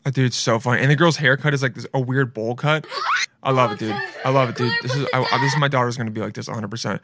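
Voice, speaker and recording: A man giving casual reaction commentary, rambling and excitable, calling people "dude" and swearing freely. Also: mid-range voice, fast talker, heavy background noise. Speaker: video reaction host.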